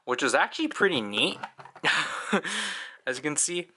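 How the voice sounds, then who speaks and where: A man's voice: fairly high pitch, very animated, measured pace, sharp tone, a little hiss or hum. A young man giving a casual, chatty toy review, full of fillers and small laughs.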